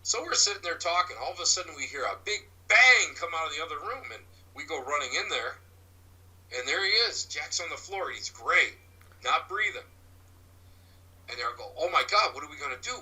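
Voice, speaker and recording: Male psychic-medium guest: sharp, bright voice, slightly off-mic, halting anecdotal delivery. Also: a little high, lively intonation, far from the mic, rough recording. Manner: halting, repeats and restarts words. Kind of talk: rambling anecdotal storytelling.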